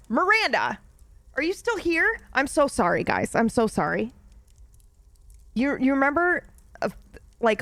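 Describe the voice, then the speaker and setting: A young woman talks through a story game for her viewers, reading its text aloud between chatty, laughing asides. Her mid-pitched voice has a gravelly fry at the ends of phrases, and the sound is dry and close. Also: dry recording. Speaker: let's play streamer.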